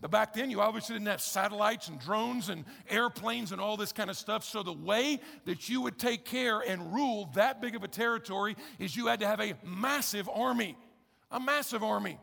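A man's voice: high-pitched, moderate pace, vocal fry, pushed and bright. A man preaching a sermon as pastor, conversational and emphatic, repeating key phrases with wry humor. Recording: echoey church hall.

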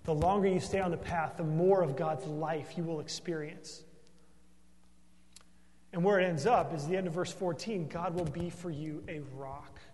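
A man's voice: fairly high pitch, fairly even intonation, moderate pace, darkish tone, long reverb tail, a little hiss or hum. A man preaching a sermon as pastor, earnest and emphatic, often tossing in a questioning "right?" to the congregation.

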